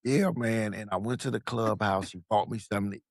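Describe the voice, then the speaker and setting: Animated man telling his story, dry sound. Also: on the low side, fast, vocal fry, no room sound. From Long Beach, California. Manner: animated, profane, acts out quoted voices. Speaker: podcast guest. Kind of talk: casual storytelling.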